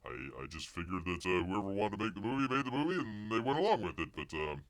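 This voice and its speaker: A man's voice: fairly low pitch, sing-song, fast, a bit bright. A man hosting a casual live stream, rambling and joking as he reacts to the news. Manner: rambling, jokey, wonders aloud and mocks the news. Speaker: live show host.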